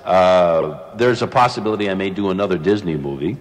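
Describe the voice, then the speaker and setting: Brief: man, lively swooping delivery, jokey raconteur, long reverb tail on the voice. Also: low-pitched, brisk. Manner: animated, joking, laughs often. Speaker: former radio host, now actor. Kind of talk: casual studio chat, storytelling. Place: radio studio.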